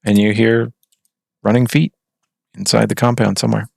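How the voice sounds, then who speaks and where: A man's voice: lowish voice, level tone, normal speed, vocal fry, no room sound, studio quality. A man narrating a tabletop game as game master, describing scenes and briefly voicing characters. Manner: describes scenes and puts on short shouts for characters.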